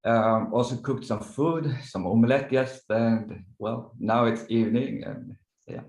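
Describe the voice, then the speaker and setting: A man in his thirties, a podcast guest, answering in a halting, thoughtful way as he searches for words. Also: mid-range voice, vocal fry, darkish tone, echoey room, poor audio. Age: 30s. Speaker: startup co-founder and guest. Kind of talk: casual interview chat. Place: indoors in the evening.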